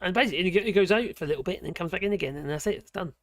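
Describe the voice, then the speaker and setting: Hosting a relaxed livestream, this Norfolk-born man speaks in his local accent, meandering along with fillers, laughs and exclamations. He talks in a high, rapid-fire voice, recorded cleanly in a studio without room sound.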